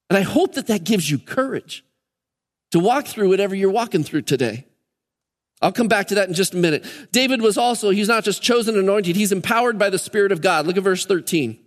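Earnest pastor with a high-ish voice, echoing hall. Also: male voice. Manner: earnest, emphatic, repeats key words in threes. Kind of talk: sermon. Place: church sanctuary during a service. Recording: long reverb of a church hall.

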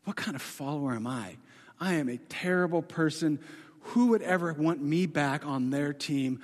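A man's voice: on the high side, moderate pace, pitched below the performer's own voice, lightly acted. A man voicing a despairing male disciple who is reproaching himself in his inner thoughts. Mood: ashamed. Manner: self-reproaching inner monologue. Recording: long hall reverb.

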